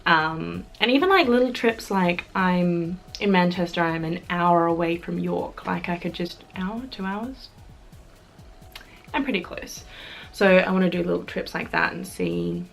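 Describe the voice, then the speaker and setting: A woman's voice: lowish voice, animated, moderate pace, vocal fry, soft background music. A young Australian woman chatting casually to camera in a vlog, bubbly and chatty with fillers and giggles. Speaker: YouTuber.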